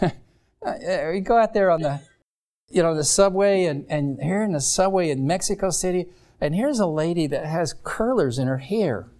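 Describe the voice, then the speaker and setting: A man preaching a sermon, telling stories in a rambling, animated way with many restarts. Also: a little high. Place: congregation in Mexico.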